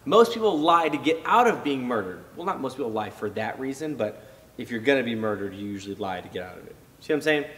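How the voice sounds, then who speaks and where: A man preaching a casual youth sermon, his voice sitting at a middle pitch. He speaks conversationally, full of fillers and restarts, and gets animated when acting out how people react. A long reverb trails behind him, as in a big hall. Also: recorded from a distance. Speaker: youth pastor.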